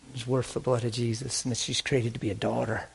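A man preaching a sermon, telling stories in an animated way that swings from hushed to loud. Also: mid-range voice, quick pace, creaky, slightly rough. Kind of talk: sermon storytelling.

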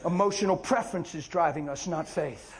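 Impassioned male preacher, fairly high voice, rhetorical questions, repetition, shouts then hushes. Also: brisk. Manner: fervent, rhetorical questions and repetition, swinging between shouting and near whispers. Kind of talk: impassioned sermon.

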